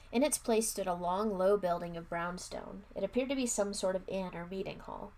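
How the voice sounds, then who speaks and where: A woman's voice: mid-range voice, normal speed, darkish tone. A woman doing a live read-aloud of a children's horror book, with casual asides and plain narration. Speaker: livestream book reader.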